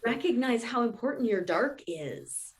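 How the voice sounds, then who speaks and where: A woman who is a guest in a casual spiritual conversation, speaking earnestly and haltingly, often repeating her words. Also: a little high, expressive.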